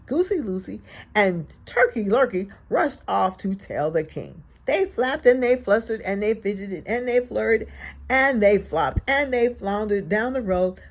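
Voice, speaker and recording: A woman hosting storytime, reading a children's picture book aloud in an expressive, gentle and encouraging way. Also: a little high, husky. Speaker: storyteller host.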